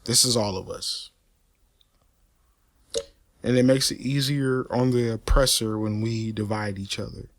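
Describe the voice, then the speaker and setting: Man, mid pitch, gravelly, close and dry; heated unscripted rant, lots of swearing and repeats. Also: measured pace, pauses often, no echo. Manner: profane, repetitive, animated. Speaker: podcaster.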